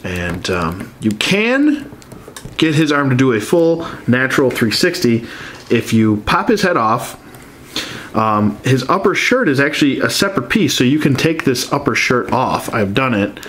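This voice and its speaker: A man's voice: medium pitch, sing-song, a little slow, a bit bright, a little hiss or hum. A stuffed-up man reviewing an action figure in an easygoing, conversational way. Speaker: toy collector reviewer. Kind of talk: casual toy review.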